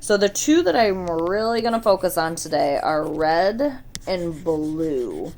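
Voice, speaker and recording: A woman's voice: lowish voice, big pitch swings, unhurried, darkish tone. A woman teaching a science lesson, talking casually and putting questions straight to her students. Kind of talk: recorded classroom lesson.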